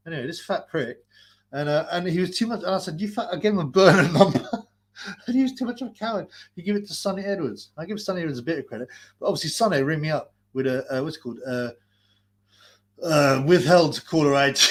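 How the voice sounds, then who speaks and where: A man's voice: on the high side, lively intonation, a little fast, pauses often. A man ranting profanely on a live stream, mocking and laughing, his nose blocked so his breathing is heard. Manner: abusive, mocking, laughing, mimics callers.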